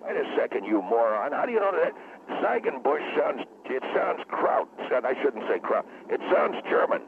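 A man's voice: medium pitch, very animated, moderate pace, background noise. A man voicing a blustering radio guest who gets wound up, insults people and rants. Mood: lecturing. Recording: phone line.

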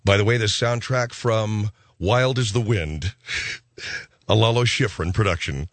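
A man hosting a talk-radio show, questioning callers in a dry, deadpan way and reading out show announcements. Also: on the low side, a little slow, no echo. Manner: dry, probing interviewer, deadpan.

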